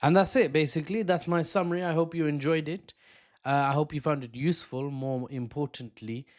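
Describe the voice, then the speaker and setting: A man's voice: on the high side, fairly even intonation, brisk. A man talking through geopolitical analysis in a casual, unscripted way, with asides and emphatic stresses. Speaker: online political commentator.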